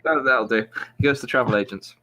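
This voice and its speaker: A man's voice: medium pitch, fairly quick, sharp tone. A man, a podcast host, telling a long joke in a rambling, self-mocking way with many restarts.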